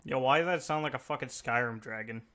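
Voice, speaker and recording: A man's voice: mid-range voice, quick pace, heavy background noise. A young man hosting a casual movie reaction, swearing and joking with a friend. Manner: profane, joking, laughs often. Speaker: host watching a movie with a friend.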